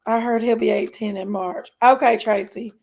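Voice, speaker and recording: A woman hosting a casual live stream from her couch at home, a little hoarse from allergies and talking in a rambling, chatty way. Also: a little high, steady tone, normal speed, darkish tone, a little hiss or hum, low-quality recording.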